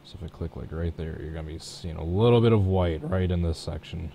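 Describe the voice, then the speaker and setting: A man's voice: low-pitched, a little fast, gravelly, dark tone, slight background noise. A man streaming live, chatting casually and self-deprecatingly as he talks himself through each step of painting a race truck on his computer. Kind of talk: casual thinking-aloud commentary while working.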